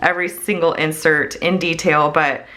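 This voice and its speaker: Gushing, slightly hoarse woman on camera. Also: low voice, steady tone, moderate pace, fairly bright tone. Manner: gushing, many "like" fillers, laughs often. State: strained throat after a coughing fit. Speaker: small business owner and host. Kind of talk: casual chat.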